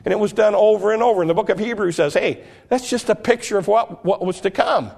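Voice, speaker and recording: A man's voice: sits high, fast, creaky, darkish tone. A man preaching a sermon, teaching earnestly from the Bible and often restarting and repeating words. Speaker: pastor.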